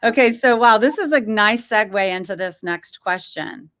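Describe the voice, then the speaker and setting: A woman hosting a casual interview, upbeat and quick to laugh. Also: mid-range voice, expressive, fairly bright tone, dry recording, clean studio sound. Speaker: podcast host.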